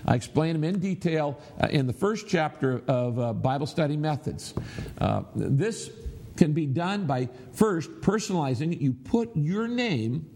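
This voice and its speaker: His voice is a little high, husky, somewhat mellow, expressive and a bit slow: a middle-aged pastor giving a sermon. He teaches the congregation, guides them in reciting aloud, and stresses key points by emphatically repeating phrases.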